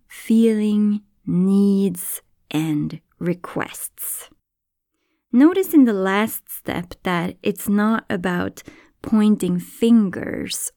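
A woman hosting a podcast, explaining ideas in a calm, thoughtful, teacherly way. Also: medium pitch, no room sound, clean studio sound. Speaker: podcast host.

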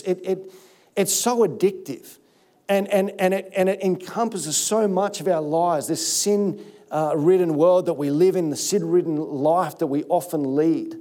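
A man's voice: high-pitched, darkish tone. A middle-aged man, a guest pastor giving a sermon, telling confessional stories with many restarts.

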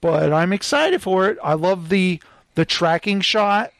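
A man hosting a casual podcast chat about films, telling stories in an excitable, animated way. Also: high voice, unhurried, no echo, clean studio sound. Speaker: podcast host.

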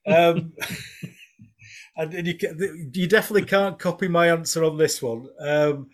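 A Yorkshire man in middle age chats on his podcast with a slightly higher voice than most men. He rambles and jokes freely, circling back over his own words. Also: steady tone, a little slow. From Yorkshire, England. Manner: chatty, rambling, jokey, with many restarts. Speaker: podcast host. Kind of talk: casual chat.

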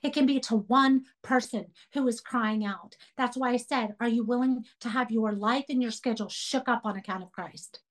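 Woman, middle-aged, Bible study teacher, earnest, preaching, rhetorical questions, slightly high voice. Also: moderate pace, few pauses. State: tearful while telling a story.

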